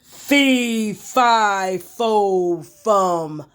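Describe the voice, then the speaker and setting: Storybook giant, big and menacing, loud chant, done by a woman. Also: animated, very slow, clean tone. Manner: booming chant. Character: huge hungry male giant, menacing and bellowing.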